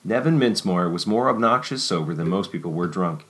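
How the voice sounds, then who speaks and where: A man narrating a story in a steady, measured audiobook reading. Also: sits low.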